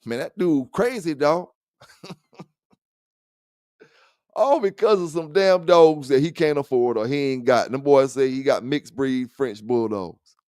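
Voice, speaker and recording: A man's voice: medium pitch, unhurried, pauses often, darkish tone, clear, resonant tone, no room sound, clean studio sound. A man hosting a livestream dog talk show, chatting loosely with viewers in profane trash talk and laughing often. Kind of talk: casual livestream chat.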